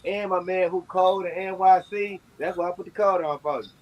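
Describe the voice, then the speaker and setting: Brief: man, relaxed drawl, slightly high, dull lo-fi audio. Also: a little fast. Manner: easygoing, drawling, laughs loudly. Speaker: comedian contestant. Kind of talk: casual comedy chat.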